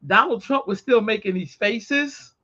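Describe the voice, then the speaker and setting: A woman's voice: a little high, measured pace, fairly bright tone, dull audio. A woman co-hosting a podcast in casual chat, talking bluntly and emphatically with plenty of profanity. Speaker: podcast co-host.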